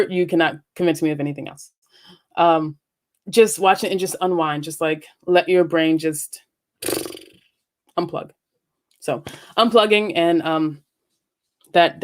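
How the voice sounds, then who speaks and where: Playful, laughing woman podcast host. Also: lowish voice. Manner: playful, laughs often, swears freely. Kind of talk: casual solo podcast chat.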